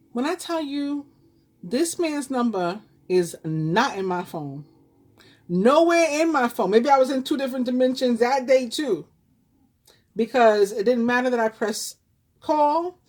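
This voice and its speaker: This woman's voice is high-pitched and animated, with a darkish tone and a measured pace. She's a tarot reader in her fifties from New York, and she recounts a personal story to her audience in a rambling, chatty style laced with fillers, false starts and a New York accent.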